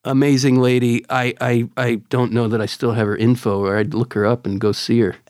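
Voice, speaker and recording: A middle-aged man chatting on a podcast, spinning a story with lively energy and tripping over repeated words when he gets excited. His voice sits in a middle register and is recorded close and dry. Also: medium pitch, a little fast, dry recording. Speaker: podcast co-host. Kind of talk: casual chat and storytelling.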